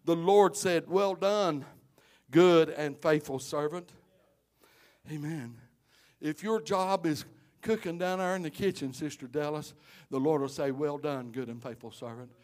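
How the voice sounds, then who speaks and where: A male pastor, preaching a sermon that swells from quiet storytelling into loud, shouted exhortation. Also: fairly high pitch, a little slow.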